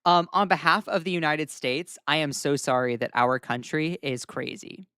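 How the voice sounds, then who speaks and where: A young man hosting casual live-stream news commentary, chatty and animated as he reacts to viewer comments. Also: on the high side, moderate pace, clean tone, no echo, studio quality.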